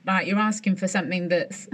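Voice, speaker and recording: A woman's voice: fairly low pitch, brisk. A woman, co-hosting a podcast in casual chat, telling stories with lots of laughter. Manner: animated storytelling, laughs often. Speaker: podcast co-host.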